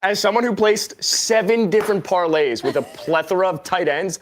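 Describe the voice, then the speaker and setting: A man's voice: high-pitched, normal speed, slight background noise. A man co-hosting a betting stream, blunt and casual, swearing freely. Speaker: co-host.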